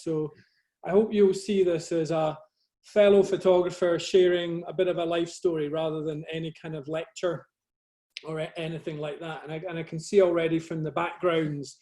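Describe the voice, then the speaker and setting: A middle-aged man from Scotland with a soft Scottish accent, giving a modest, conversational talk about his photography over a video call. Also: on the high side. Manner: modest, conversational, self-deprecating. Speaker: guest speaker, photographer.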